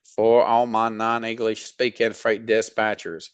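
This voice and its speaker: Low-voiced Southern man teaching bluntly. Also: level tone, unhurried, clear, resonant tone, no room sound. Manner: blunt, folksy, mild cursing, frequent fillers. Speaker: dispatch trainer. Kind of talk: casual instructional talk.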